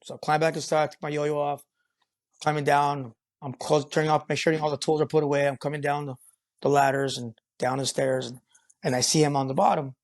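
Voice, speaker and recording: A man's voice: on the high side, flat delivery, brisk. A man who works as a construction foreman, a podcast guest telling a work story in a rambling, profane way full of fillers. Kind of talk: casual storytelling interview.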